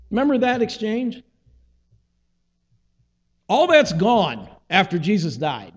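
A man's voice: high-pitched, very animated, measured pace, long pauses, long reverb tail, lo-fi sound. A man preaching a conversational sermon, acting out the lines of biblical dialogue as he retells them. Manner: conversational, acts out scripture dialogue. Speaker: pastor.

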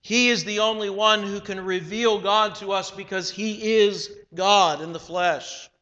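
High-voiced preacher in a reverberant hall. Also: male voice, fairly even intonation, pushed and bright, lo-fi sound. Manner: measured, emphatic preaching with slowed phrases. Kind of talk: sermon.

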